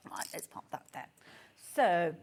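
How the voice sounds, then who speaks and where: In a TV studio, a woman with a Birmingham accent presents on a live shopping channel, chatty and gushing and often cutting herself off mid-sentence. Her voice is unhurried and a little mellow, with a slight hiss or hum.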